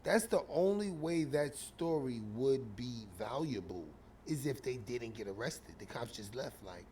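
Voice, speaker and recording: A man hosting a casual commentary show, reacting to a clip with mocking, animated talk that swings between loud bursts and mumbles. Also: mid-range voice, a little slow, a little hiss or hum.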